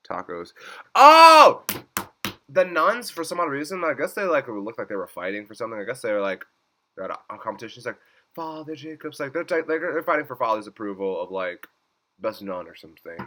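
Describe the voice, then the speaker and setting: An excitable man in casual recap mode, his voice bright and cutting. He swears freely, laughs often and jumps up high when something delights him. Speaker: YouTube reviewer.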